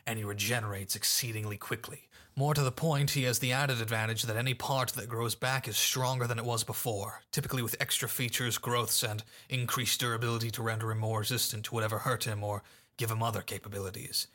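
A man's voice: medium pitch, steady tone, quick pace, bright, forceful tone, close to an everyday voice. A man voicing a cold, calculating adult male crime boss, speaking in curt, commanding sentences. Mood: clipped.

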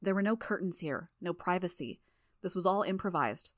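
Female audiobook narrator; low, steady first-person storytelling with a dry, close sound. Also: normal speed, no echo.

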